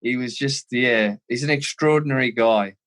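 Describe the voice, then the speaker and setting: An Australian man in his thirties, a former footballer, telling lively anecdotes as a guest in an interview. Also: medium pitch, moderate pace. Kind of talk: casual storytelling interview.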